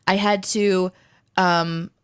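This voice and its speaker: A young adult woman co-hosting a live talk stream, chatting casually and telling stories in an expressive way while she reads out viewer comments. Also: lowish voice, drawn-out words, smooth.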